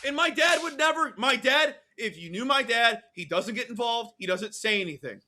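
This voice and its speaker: High, bright-voiced man telling a story. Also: normal speed, a little hiss or hum. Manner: animated storyteller, acts out voices and yells. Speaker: podcast co-host. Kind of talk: casual sports-betting podcast chat.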